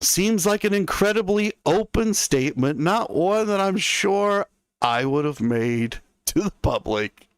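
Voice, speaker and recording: A man's voice: high-pitched, expressive, unhurried, clean tone, no echo. A man hosting a casual history livestream. He chats to his viewers and muses aloud in asides. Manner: chatty, musing asides to viewers. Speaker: history show host.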